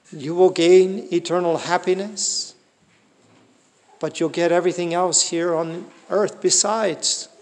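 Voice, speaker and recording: A man's voice: sits high, a little mellow, big-room sound. A man preaching a sermon in an earnest way, asking the listeners rhetorical questions.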